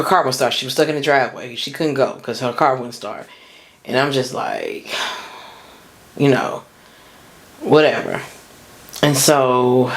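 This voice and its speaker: Woman rambling through a personal story. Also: a bass voice. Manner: rambling, full of fillers and restarts, slangy.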